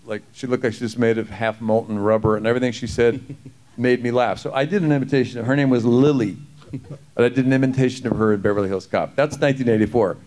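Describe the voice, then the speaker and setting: A man telling lively stories at a convention panel, quick to act out other people's voices and to laugh. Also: mid-range voice. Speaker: actor panelist.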